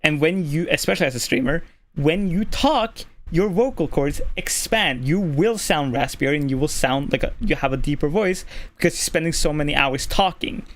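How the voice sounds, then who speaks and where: A streamer from Norway with a male-sounding voice, casually explaining voice tips at a desk mic, keeping the voice relaxed and filling pauses with "like". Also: on the high side. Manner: relaxed, deliberately easy on the voice, lots of "like" fillers. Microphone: desk microphone.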